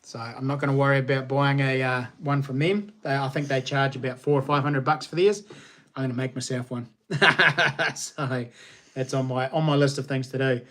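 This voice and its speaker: A man's voice: mid-range voice, fairly even intonation, normal speed, fairly bright tone. A man in his thirties with a New Zealand accent, hosting a casual home livestream, upbeat and chatty with his viewers. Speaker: livestream host. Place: small lounge nook at home.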